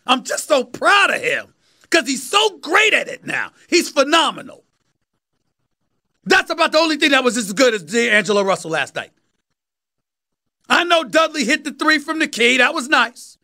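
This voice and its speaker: High, forceful New York sports host. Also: male voice, big pitch swings, moderate pace, long pauses. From New York, USA. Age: 50s. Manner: emphatic, preacherly, often shouting and repeating phrases. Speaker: sports talk show host. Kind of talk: sports commentary monologue.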